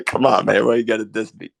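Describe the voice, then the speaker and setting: A man's voice: on the low side, sing-song, fairly quick, creaky, a bit bright. A male caller from Florida who speaks hesitantly, with lots of fillers.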